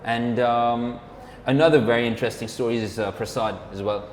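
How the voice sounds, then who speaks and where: The speaker is a man with a mid-range voice, fairly even intonation, and a fairly quick pace, rambling through a story as a podcast co-host and motorcyclist. Filler words like "like" and "or whatever" pile up, and he acts out what others said. The roomy space echoes over a faint hum.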